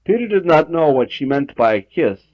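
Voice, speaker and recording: A man reading a children's story aloud at home, expressive, lifting his voice for emphasis. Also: on the high side, moderate pace, no room sound. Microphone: home tape recorder. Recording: dull 1960s home audiotape.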